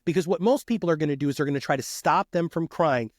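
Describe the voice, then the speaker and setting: A man who is a guest on a podcast, talking in an energetic and emphatic way and often calling the host dude. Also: on the high side, quick pace, no echo, studio quality. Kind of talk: casual podcast conversation.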